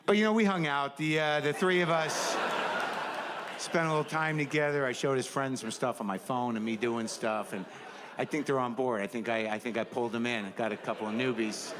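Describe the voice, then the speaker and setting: A man's voice: mid-range voice, a little fast, noisy background. A stand-up comedian in his sixties doing a neurotic, self-deprecating routine on stage, full of stammered restarts. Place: comedy stage before a live audience.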